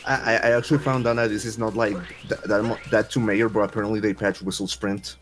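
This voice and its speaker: A man's voice: fairly low pitch, level tone, brisk. A man in casual voice-chat banter, quipping and contradicting his friends. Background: game music.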